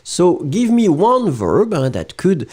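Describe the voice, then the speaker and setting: A man with a French accent leads a live language lesson, his speech slow and lively in pitch. He drills verbs with encouragement and mixes French into his English. His tone is soft and mellow. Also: husky. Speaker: French teacher.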